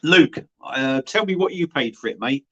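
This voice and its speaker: A man's voice: a little high, expressive, moderate pace, pushed and bright. Blunt man on a lo-fi livestream. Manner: blunt and chatty, swears freely. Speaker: beer reviewer and livestream host. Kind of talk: casual livestream chat, reading viewer comments. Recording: dull lo-fi livestream audio.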